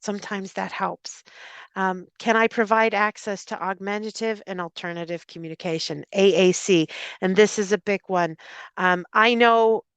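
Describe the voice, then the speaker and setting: A middle-aged Irish woman speaks as a speech therapist giving a live talk to parents. Her voice is smooth and resonant at a middle pitch. The sound is close and dry, and she explains patiently, pausing on fillers and restarting phrases. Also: dry recording. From Ireland. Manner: acts out example phrases in a lifted voice.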